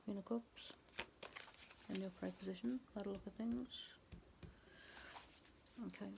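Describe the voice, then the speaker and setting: A woman's voice: mid-range voice, a little slow, creaky, noisy background. A woman doing a casual tarot reading to camera, chatty and rambling. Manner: chatty and rambling, laughs at herself. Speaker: tarot reader.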